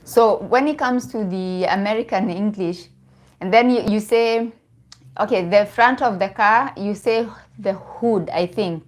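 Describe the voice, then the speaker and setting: A woman's voice: medium pitch, a little slow. Chatty Kenyan woman live-streaming. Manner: chatty, laughs often, restarts phrases. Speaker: vlogger. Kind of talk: casual live-stream chat.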